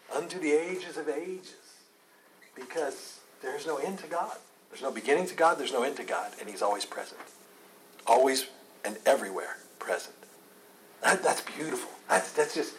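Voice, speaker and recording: A pastor leading a Bible study, talking earnestly, asking rhetorical questions and repeating key phrases. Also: male voice, a little high, slight background noise, poor audio.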